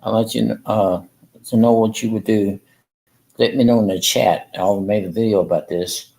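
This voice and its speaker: Man, low voice, casual livestream, rambling and halting. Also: fairly even intonation, gravelly, a little mellow, rough recording. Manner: halting, rambling, repeats himself. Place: room in a rehab facility.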